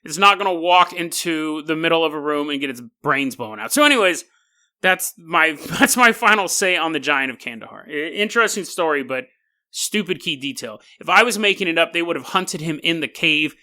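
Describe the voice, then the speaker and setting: A man's voice: fairly high pitch, lively intonation, a little fast, bright, forceful tone. A man hosting a podcast, telling strange stories in a rambling, jokey way, correcting himself and dropping in playful sound effects. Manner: frequent self-corrections and laughter. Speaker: podcast host. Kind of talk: casual comedic storytelling.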